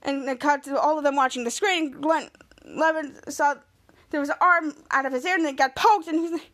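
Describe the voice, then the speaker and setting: A woman's voice: sits high, fairly quick, fairly bright tone. A woman hosting a podcast, retelling a show episode in a casual, rambling way, often correcting herself mid-line. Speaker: podcast host.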